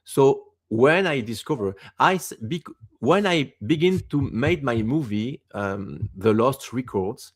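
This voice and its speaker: A man in his fifties from France, a native French speaker with a Quebec French accent, talking as an interview guest in halting English and searching for words. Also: mid-range voice, animated, slightly rough. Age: 50s. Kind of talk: casual interview talk.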